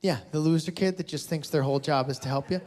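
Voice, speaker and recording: A Canadian man with a Canadian accent does stand-up at a large live venue, working the crowd while the audience laughs. His voice is on the high side, quick and a little mellow, and he teases people in a sarcastic, blunt way.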